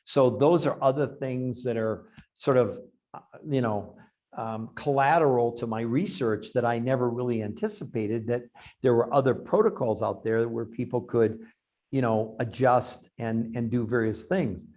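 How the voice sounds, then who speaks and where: A man's voice: medium pitch, normal speed. A man who researches health, telling long anecdotes in an interview over a video call, acting out quoted lines. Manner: animated anecdotes with acted-out quotes. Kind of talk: storytelling in an interview.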